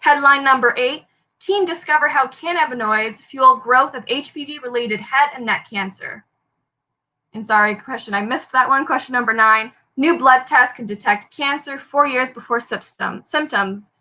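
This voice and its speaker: Young female quiz host, high and bright, upbeat headline reader who jokes through her slips. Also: normal speed, rough recording. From Canada. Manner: upbeat, apologetic over slips, lightly joking. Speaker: trivia host. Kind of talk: reading quiz headlines aloud.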